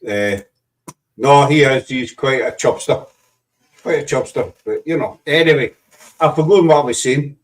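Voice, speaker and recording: A man with a West of Scotland accent hosts a relaxed chat show, his voice sitting at an everyday pitch. He rambles and restarts his sentences, teasing his guests as he goes. He sounds a little distant from the microphone. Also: moderate pace. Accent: Scottish, West of Scotland. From Glasgow, Scotland. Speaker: host. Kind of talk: casual live chat show.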